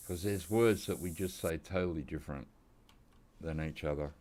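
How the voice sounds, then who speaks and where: An Australian gaming channel host with a rumbling low, warm voice talks at a quick pace while playing a hunting game. His commentary is casual and rambling, often drifting into side chat.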